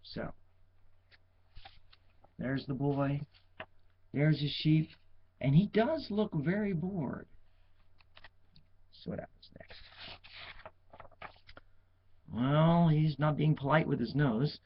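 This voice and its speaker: A man's voice: a little high, slight background noise. A man reading a children's picture book aloud, stopping to chat about the pictures. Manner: slow, lively, chatty asides about the pictures. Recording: dull lo-fi recording.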